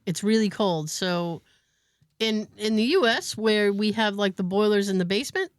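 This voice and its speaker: Female podcast host, animated storyteller, dry studio mic. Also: mid-range voice, normal speed, no echo. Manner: animated storyteller, laughs often. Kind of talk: casual chat.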